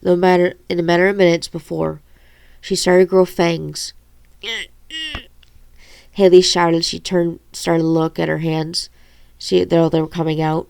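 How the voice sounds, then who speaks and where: A woman reads her own novel aloud, stumbling and correcting herself as she goes. Her voice is low and gravelly. The recording is dry and close, with no room echo. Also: level tone, darkish tone. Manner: halting, with stumbles and self-corrections.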